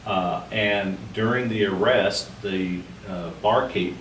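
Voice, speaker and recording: A man's voice: on the low side, slow pace, a bit bright. A man talking through Old West history in a casual discussion, with many fillers and restarts. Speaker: podcast co-host, history researcher. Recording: roomy, distant mic with faint noise.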